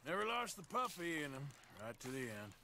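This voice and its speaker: An actor playing a weary male outlaw with a gruff, deadpan manner. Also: fairly high pitch, fairly quick, slight background noise, exaggerated voice. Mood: dry.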